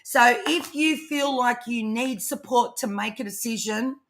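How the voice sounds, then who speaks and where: A woman doing a live tarot reading, talking fast and rambling, swearing freely as she goes. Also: a little high, fairly bright tone. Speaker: tarot reader co-host.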